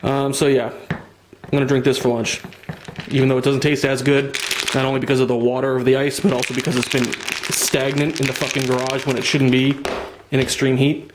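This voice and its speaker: A man's voice: medium pitch, flat delivery, a little fast, noisy background. A young man rambling casually at home in a vlog, swearing freely and mocking himself. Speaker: vlogger.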